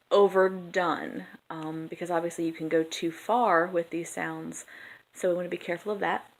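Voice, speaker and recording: A woman, a drama teacher explaining her coaching plan in a chatty, conversational way. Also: medium pitch. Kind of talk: explanatory classroom presentation.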